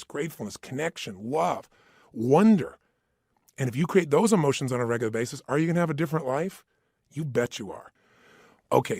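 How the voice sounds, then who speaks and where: A man's voice: on the high side, breathy edge, dry recording, studio quality. A man giving an emphatic motivational talk, acting out the voices in people's heads. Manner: emphatic, acts out inner voices. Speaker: motivational speaker.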